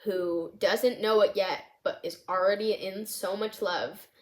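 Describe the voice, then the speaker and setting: A young woman vlogging casually, retelling her script with lively, expressive storytelling and frequent fillers. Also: medium pitch, unhurried. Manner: animated storytelling, many "like" fillers. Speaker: vlogger writing a film script. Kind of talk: casual chat.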